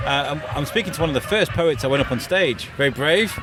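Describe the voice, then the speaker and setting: A man's voice: a little high, lively intonation, quick pace. A man hosting a podcast, chatty and friendly with plenty of ums, interviewing guests at an outdoor event. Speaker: podcast host. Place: outdoor event with music behind. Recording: outdoor event with loud music behind. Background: live music.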